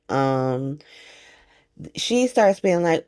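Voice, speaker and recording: A woman recapping a soap opera in a casual, profane, slangy monologue with lots of asides. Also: medium pitch. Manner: profane, animated, slangy retelling with quick asides.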